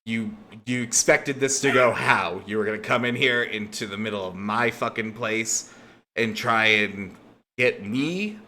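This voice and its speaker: A man's voice: on the low side, measured pace, sharp tone. A man voicing a smug, menacing male crime boss who sneers and swears as he mocks the people in front of him in a tabletop game. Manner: sneering, profane, mocking.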